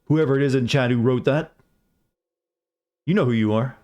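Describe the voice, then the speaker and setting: A man's voice: medium pitch, moderate pace, a little mellow. A man streaming a game, chatting casually and ramblingly with his live viewers and greeting them by name.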